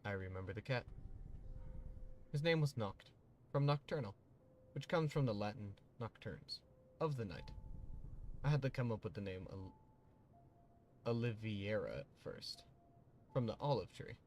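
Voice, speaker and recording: A man's voice: fairly low pitch, lively intonation, unhurried, pauses often, a little mellow, slight background noise. A man reading the lines of a lonely, studious young male devil noble, in a plain, reflective way. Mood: wistful. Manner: reads dialogue aloud plainly, reflective.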